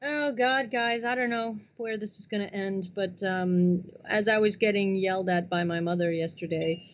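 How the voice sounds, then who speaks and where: A woman hosting a casual conversation. She reacts quickly, laughs along, and gets animated when she tells a story. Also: mid-range voice, highs cut off, a little hiss or hum.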